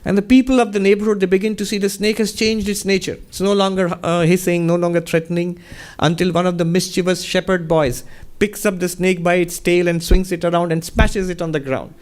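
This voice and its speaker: Monk giving a spiritual Q&A talk, measured, conversational storyteller. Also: male voice, high-pitched, steady tone. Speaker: monk and resident minister.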